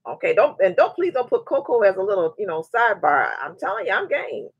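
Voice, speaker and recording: A husky-voiced woman hosts a chatty livestream, trading casual talk and stories at a medium pitch and a fairly quick clip, with the highs cut off in the audio. She's animated, repeating words whenever she restarts a sentence, and acts out the voices of people she quotes.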